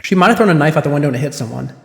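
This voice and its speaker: A chatty male streamer rambling casually over a courtroom game, quick to poke fun at himself. His voice sits a little high and rings in a roomy space with a long, echoing reverb. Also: lively intonation, creaky. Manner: rambling, chatty, self-deprecating. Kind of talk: casual livestream gameplay commentary. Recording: echoey room with long reverb.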